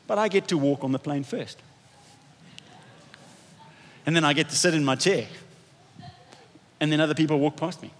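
Male pastor, fairly high voice, relaxed conversational sermon, long church hall echo. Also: normal speed, long pauses. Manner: conversational, self-deprecating preaching with restarts.

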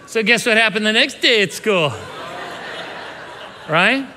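A pastor in his fifties tells a story from his childhood in an easygoing sermon style, stopping and restarting his sentences as he goes. His voice is high and bright. A long reverb trails behind him, as in a big hall. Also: expressive, a little slow, some chatter behind, slight background noise. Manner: conversational, self-interrupting with restarts.

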